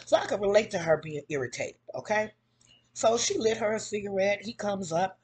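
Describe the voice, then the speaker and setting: A woman with a husky, slightly breathy voice talks straight to her viewers in casual commentary. She speaks, and her retelling is animated and outraged, full of quoted back-and-forth. Her pitch sits right in the middle for a woman. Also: a little fast. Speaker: vlogger.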